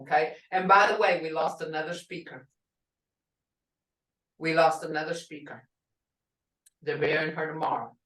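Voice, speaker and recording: A middle-aged woman teaching a language class, saying each word slowly and repeating it for her learners. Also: sits low, fairly even intonation, a bit bright, roomy sound, recorded from a distance, low-quality recording.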